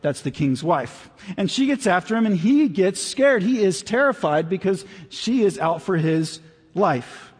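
Husky high-voiced man preaching. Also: unhurried. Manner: conversational, swings between animated and hushed. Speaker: pastor. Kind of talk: sermon. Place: church sanctuary. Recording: reverberant hall.

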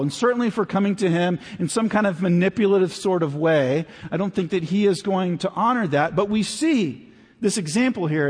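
Pastor, male, preaching in a church hall, husky tone, long reverb; chatty, lively, drops to near-whispers. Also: high-pitched. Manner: conversational, swings between animated and hushed. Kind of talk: sermon. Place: church sanctuary.

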